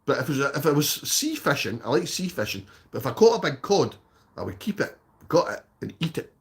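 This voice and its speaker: The Scottish man sounds high, very animated and fairly quick as he reads and responds to viewers' comments on his stream. He's casual, blunt and sweary, frequently adding "okay?" to his sentences.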